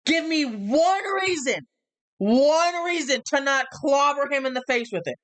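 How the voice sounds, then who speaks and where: A man co-hosting a live review stream, chatting casually and ranting loudly. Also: very high-pitched, unhurried. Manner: loud, animated ranting. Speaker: co-host of a wrestling review stream. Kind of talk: casual chat.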